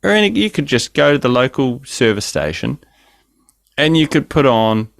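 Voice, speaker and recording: A man's voice: medium pitch, sing-song, normal speed, vocal fry, dry recording. A man co-hosting a podcast over a remote call, ranting crudely and joking in casual banter. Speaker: podcast co-host.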